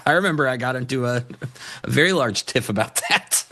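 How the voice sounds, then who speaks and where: Guy co-hosting a live stream, bright forceful voice, laughs a lot, loose and chatty. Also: mid-range voice, sing-song, normal speed, long pauses. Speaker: co-host answering chat questions. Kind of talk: casual live-stream chat.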